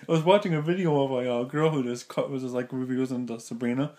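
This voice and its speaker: A chatty man rambles through a casual vlog, laughing often. His voice sits at an ordinary middle pitch. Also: fairly even intonation, fast, warm tone. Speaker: vlogger.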